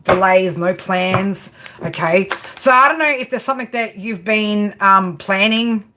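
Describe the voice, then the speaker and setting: A woman's voice: medium pitch, a little slow, bright, forceful tone, slight background noise. A woman giving live tarot readings, chatting casually and profanely with viewers and laughing often. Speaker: tarot reader.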